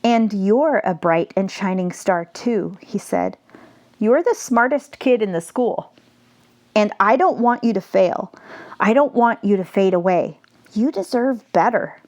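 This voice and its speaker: Earnest troubled teacher guy, middle-aged, pleading and urgent, slow steady words, read by a woman in her normal voice. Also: mid-range voice, natural voice.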